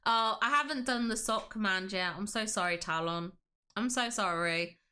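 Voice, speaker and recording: Gushing, bright-voiced woman streamer. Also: mid-range voice, moderate pace. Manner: gushing, enthusiastic, reads chat aloud. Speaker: livestream host. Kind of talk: casual livestream commentary.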